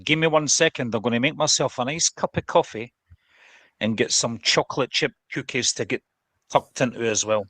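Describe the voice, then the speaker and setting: A man's voice: medium pitch, moderate pace, fairly bright tone, no echo. A man with a Scottish accent from Edinburgh, chatting easily as a guest on a live stream. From Scotland. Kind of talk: casual chat.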